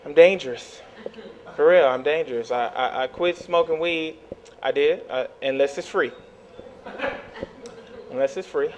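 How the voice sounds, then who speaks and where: A man from Texas doing a stand-up set on a club stage, telling animated stories and acting out the voices. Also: on the high side, measured pace, pauses often. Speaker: stand-up comedian. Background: audience laughter.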